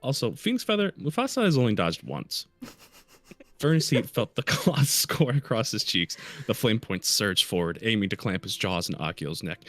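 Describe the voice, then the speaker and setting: A man, a guest reader, reading a fan roleplay aloud in a steady way. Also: on the low side, moderate pace, dry recording. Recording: faint music behind.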